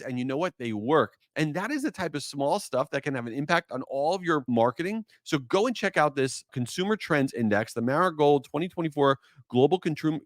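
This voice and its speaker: A man hosting his own podcast, telling stories in an animated, exasperated way between marketing tips and sponsor reads. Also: a little high, no echo, clean studio sound. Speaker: podcast host. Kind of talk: solo podcast monologue.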